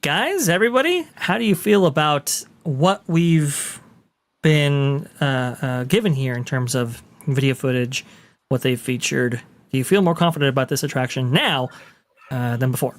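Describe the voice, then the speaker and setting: A podcast host chatting casually on a livestream, halting and giggly with many restarts. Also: medium pitch, animated, no room sound.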